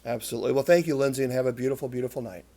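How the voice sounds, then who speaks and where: Mellow-voiced male interview host. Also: medium pitch, rapid-fire, creaky. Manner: repetitive, earnest, stumbles over words. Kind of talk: interview talk.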